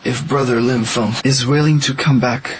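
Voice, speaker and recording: A man's voice: medium pitch, steady tone, moderate pace, heavy background noise, lightly acted. An actor plays a scheming younger brother in a dubbed drama. He sounds falsely sweet and insinuating, with an ordinary mid-range voice. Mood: sly. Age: young adult. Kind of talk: English dub of a short drama.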